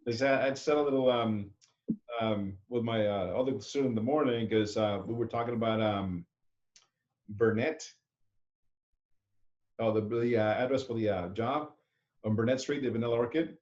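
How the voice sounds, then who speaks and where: A man's voice: on the low side, normal speed, long pauses, a little mellow, dull audio. A man teaching a cooking class, who talks in a chatty way and keeps checking in with "okay?". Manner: chatty, tags sentences with "okay?". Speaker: culinary instructor. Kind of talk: classroom lecture.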